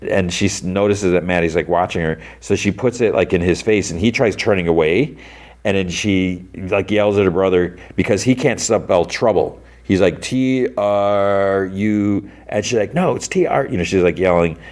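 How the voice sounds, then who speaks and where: Deep and somewhat dark in tone, this man's voice moves at a normal speed. He's a podcast host recapping an episode casually and rambling as he goes, with lots of "like" and "you know."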